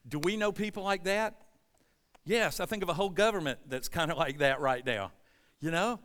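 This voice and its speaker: A man preaching a sermon, reading scripture and explaining it, swinging from loud emphatic stretches to quiet asides. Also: a little high, normal speed, clean tone, big-room sound. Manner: animated preaching, rising loud at emphasis, dropping soft. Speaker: pastor.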